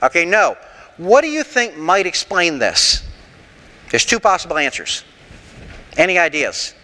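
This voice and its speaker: A man leading an interactive sermon class, animated and rhetorical with a sarcastic streak, taking questions from the room in a church. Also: high voice, unhurried, long reverb tail. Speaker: pastor teaching a Bible class.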